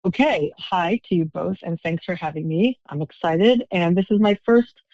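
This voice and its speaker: A woman's voice: on the low side, normal speed, dark tone, no room sound, dull audio. A woman in her fifties, an author telling her story in a podcast interview over the phone, wry and self-deprecating. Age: 50s. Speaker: author, guest. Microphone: phone call.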